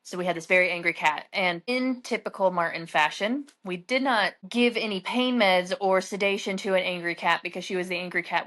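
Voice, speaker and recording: A woman co-hosting a casual podcast, telling animated stories full of "like" fillers. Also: mid-range voice. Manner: animated storyteller, heavy use of "like". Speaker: podcast co-host. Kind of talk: casual chat.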